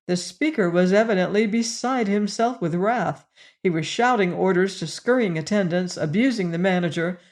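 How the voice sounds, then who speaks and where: A man reading a novel aloud as an audiobook narrator, in a measured, even delivery. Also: high voice.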